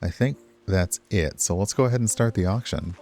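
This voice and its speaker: A man's voice: low voice, moderate pace, warm tone, faint music behind. A man streaming a cosy video game, chatting casually with his viewers and rambling on side topics. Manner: rambling, chatty, talks to chat. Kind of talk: casual gameplay commentary.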